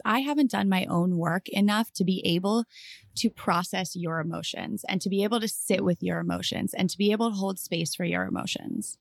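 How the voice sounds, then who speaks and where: A woman's voice: mid-range voice, creaky, dry recording, studio quality. Earnest woman podcast co-host. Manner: earnest, reflective, explaining. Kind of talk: casual podcast chat.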